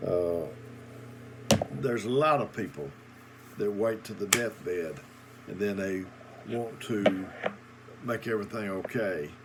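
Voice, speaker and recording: A middle-aged man preaching in a recorded sermon video, telling folksy stories with halting pauses and repeated words. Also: on the low side, very noisy.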